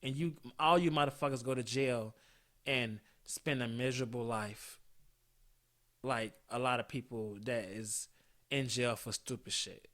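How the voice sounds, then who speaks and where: A man in his twenties hosting a solo podcast, swearing constantly and swinging between heated outbursts and low mutters. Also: fairly even intonation, measured pace, fairly bright tone. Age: 20s. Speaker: podcast host.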